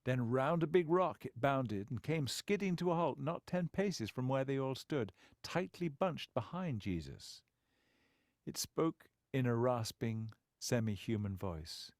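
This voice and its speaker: A man narrating a book as an expressive storyteller with wry asides, close to the mic. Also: mid-range voice, measured pace, dry recording. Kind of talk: scripted narration.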